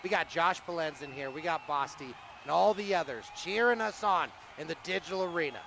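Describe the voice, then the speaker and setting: A man hosting a comedic mock press conference who talks in an excitable, rallying announcer style. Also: on the high side, fairly quick, creaky, few pauses, a little hiss or hum. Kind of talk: comedic live-stream emcee.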